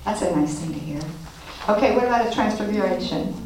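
A woman's voice: medium pitch, animated, brisk, a little mellow. Woman leading a Bible study in a roomy space. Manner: reads passages aloud, then explains and quizzes the group. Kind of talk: reading scripture and teaching a group. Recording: roomy echo with faint noise.

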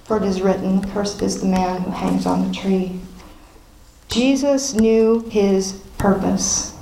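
A woman's voice: mid-range voice, steady tone, slow, vocal fry, warm tone. Woman Bible study leader, reads scripture and teaches, echoey room, light background hiss. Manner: reads passages aloud, then explains and quizzes the group. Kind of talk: reading scripture and teaching a group. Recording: roomy echo with faint noise.

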